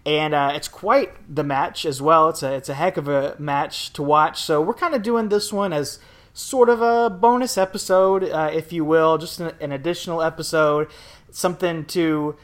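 Upbeat higher-voiced male podcast host. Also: fairly even intonation, moderate pace. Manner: upbeat, jokey, rambling with fillers. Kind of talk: casual podcast chat.

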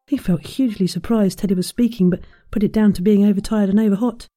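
A woman reading a children's bedtime story aloud, with gentle, chatty asides to the listener. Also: mid-range voice, fairly even intonation, fast talker, soft background music.

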